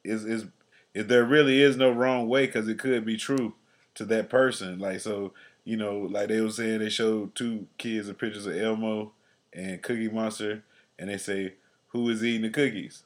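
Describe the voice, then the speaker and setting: A man's voice: fairly low pitch, little pitch movement, moderate pace. A man co-hosting a casual comedy podcast, talking loosely and profanely, laughing often and stammering into his points. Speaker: podcast co-host.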